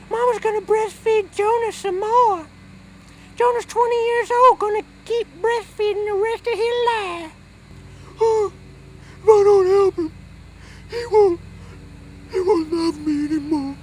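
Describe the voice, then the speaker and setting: A man voicing a whiny, overprotective mother in a high, sobbing falsetto. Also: fairly even intonation, measured pace, long pauses, darkish tone, slight background noise. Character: whiny overprotective mother, middle-aged woman.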